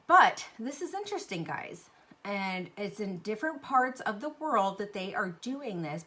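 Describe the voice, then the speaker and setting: Woman vlogger, casual chat, animated, lots of ums, middle-aged. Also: medium pitch. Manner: chatty and animated, with many fillers. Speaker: beauty vlogger and sales rep.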